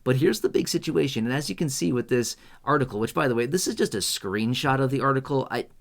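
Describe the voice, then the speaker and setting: Male finance commentator, casual to camera, animated and conversational, mid pitch. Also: fast, gravelly. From United States. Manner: animated, conversational, asks rhetorical questions.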